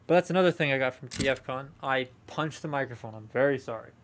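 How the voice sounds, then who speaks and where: A man's voice: mid-range voice, fast, a little hiss or hum. A young man chatting casually as he unboxes toys on a live stream, rambling and talking to viewers. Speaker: toy collector streaming a haul unboxing.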